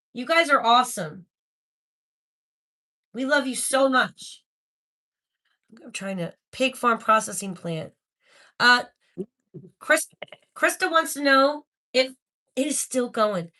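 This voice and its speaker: A woman hosting a live-stream spirit box session, excitable and talking straight to her viewers. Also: high-pitched, slow pace, long pauses.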